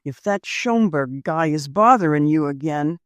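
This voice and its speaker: A woman doing a soft-spoken young working man. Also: sits low, lively intonation, unhurried, no room sound. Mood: earnest.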